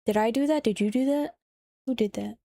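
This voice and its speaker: A young woman streamer in casual live-stream chat, excitable and chatty, swearing and teasing her viewers. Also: fairly high pitch, fairly quick, creaky, no echo.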